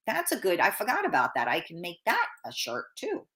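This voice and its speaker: A woman's voice: lowish voice, huge pitch swings, moderate pace, a bit bright. A middle-aged woman hosting a casual live stream, chatting bluntly and swearing freely while reading out viewer comments, with a runny nose. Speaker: talk show host reading viewer comments.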